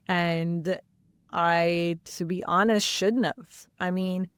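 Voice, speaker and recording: A woman speaks slowly and candidly about her family, pausing often and filling gaps with small words. Her voice is smooth and clear, and the recording is close and dry. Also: fairly low pitch, no room sound. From Canada. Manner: candid, halting, many fillers. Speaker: guest, mother. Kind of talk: personal interview storytelling.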